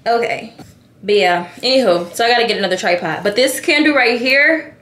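A woman's voice: a little high, expressive, fairly quick, fairly bright tone. A woman vlogging at home at night, chatting casually to her viewers as she gets ready, recorded on a camera on a tripod. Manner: chatty, addresses viewers as y'all.

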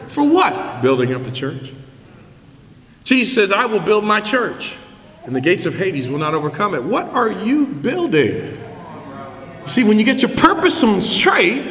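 Middle-aged male pastor, high bright voice, lively shouted sermon delivery in an echoey hall. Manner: animated storytelling, shouting for emphasis. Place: large church hall.

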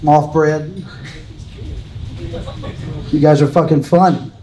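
High-voiced man doing dry stand-up. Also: steady tone, slow, warm tone, rough recording. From Louisiana. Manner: dry, self-deprecating, chats with the crowd. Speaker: stand-up comic. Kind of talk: live stand-up set. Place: comedy club stage.

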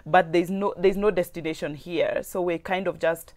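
A woman's voice: on the low side, fairly even intonation, moderate pace, darkish tone. A woman appearing as a coach on a TV talk show, giving earnest parenting advice and repeating phrases for emphasis. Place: TV studio.

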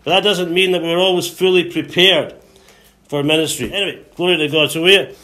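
High, bright-voiced male preacher. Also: steady tone, a little fast. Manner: call-and-response preaching, frequent hallelujahs; acts out voices with sudden high shouts. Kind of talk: sermon.

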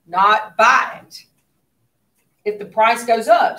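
A woman's voice: on the high side, slow pace, pauses often, sharp tone, distant mic, a little hiss or hum. A woman teaching an economics lesson to a class, asking questions and dropping into near whispers for asides. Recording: roomy classroom, voice away from mic.

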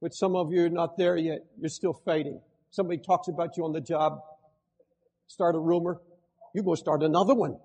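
An older man preaching a sermon as pastor, swinging between loud impassioned outbursts and hushed pleading. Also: on the high side, fairly even intonation, fairly quick, breathy edge, in a large hall.

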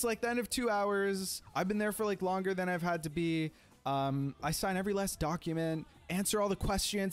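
A young man streamer telling a story casually, rambling and animated, with lots of "like" fillers and the odd swear. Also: sits high.

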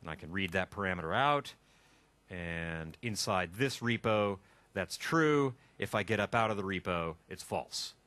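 A man teaching a live software workshop, joking and chatting as he thinks aloud and types. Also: low-pitched, lively intonation, a little slow, no echo. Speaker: instructor. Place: classroom with a live audience.

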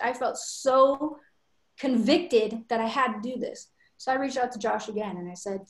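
A woman coaches her team over a video call, talking with earnest conviction. Her voice sits fairly high, and her room has a noticeable echo. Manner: earnest, fast storytelling with conviction. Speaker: guest coach.

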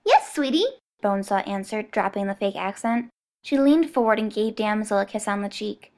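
This is scripted audiobook narration by a woman whose voice sits at medium pitch; her storytelling is even and measured.

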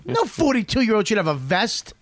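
A man's voice: sits high, sing-song, moderate pace. A man, hosting a casual podcast and ranting and teasing with lots of swearing. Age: 40s. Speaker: host.

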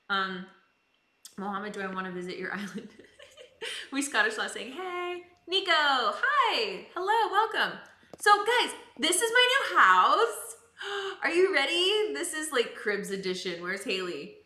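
A woman's voice: medium pitch, pushed and bright. A young woman streaming a video game, chatting casually and giggling while she reads out viewer comments. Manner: bubbly, giggly, chatty with many fillers. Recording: roomy echo with background music.

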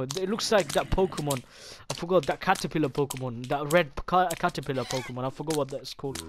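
A man giving casual gameplay commentary as a gaming YouTuber, excitable and swearing often as he reacts aloud to what he sees. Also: medium pitch, background noise. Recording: game music clearly behind the voice.

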